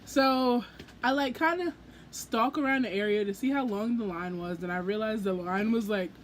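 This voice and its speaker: A young adult woman telling a story in a casual book vlog, gushing and excitable, acting out her own reactions as she goes. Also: a little high, moderate pace, slight background noise. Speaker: book vlogger.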